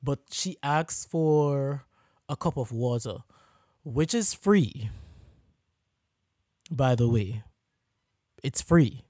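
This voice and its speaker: A man co-hosting a casual podcast, telling a work story in an animated, ranting way and mimicking rude customers. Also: medium pitch, extremely slow, pauses often, no room sound, studio quality. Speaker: podcast co-host.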